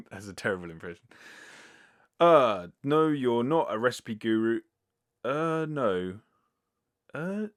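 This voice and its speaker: A man's voice: mid-range voice, very animated, measured pace, long pauses. A man hosting a casual solo podcast, answering listener questions in a rambling, filler-heavy way with casual swearing, speaking close to a sensitive mic. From United Kingdom. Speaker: podcast host. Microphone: close sensitive microphone.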